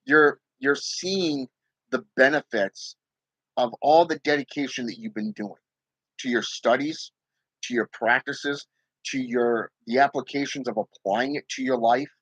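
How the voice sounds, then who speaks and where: A husky, mid-range male voice at moderate speed hosts a casual livestream, speaking emphatically to viewers about spirit work. "Okay?" and "you know" come up again and again. The recording is rough and dry, with no room sound.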